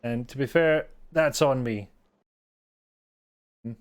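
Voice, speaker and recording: Scottish male streamer, middle-pitched, casual and self-deprecating, rambling desk-mic chat. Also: takes it slowly, smooth. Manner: rambling, self-mocking, chuckles often.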